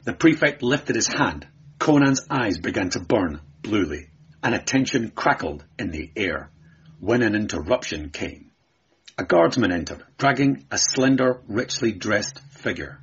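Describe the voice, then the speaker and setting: Deep-voiced man reading a story. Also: lively intonation, unhurried, slightly rough, lo-fi sound. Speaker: narrator. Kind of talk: audiobook reading.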